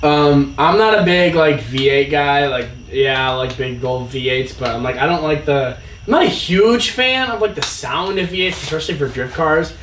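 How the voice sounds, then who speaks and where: A young man with a fairly high voice talks cars in an easy, excitable way. He sounds distant from the microphone in a roomy, echoing space with a faint hiss underneath. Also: moderate pace. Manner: excitable, imitates turbo whooshes. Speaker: podcast host. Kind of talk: casual car chat. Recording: echoey room, mic far off, faint noise.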